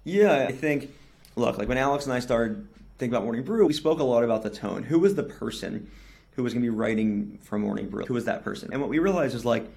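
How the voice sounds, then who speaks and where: A man's voice: medium pitch, animated, fast talker, gravelly, darkish tone. A young man, a company founder, giving fluent, businesslike answers in a podcast interview and often adding "right?". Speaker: newsletter company CEO, guest.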